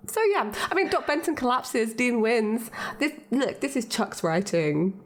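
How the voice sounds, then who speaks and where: A woman's voice: on the high side, measured pace. Chatty woman podcast co-host. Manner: lively, chatty, laughs often. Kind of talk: casual chat.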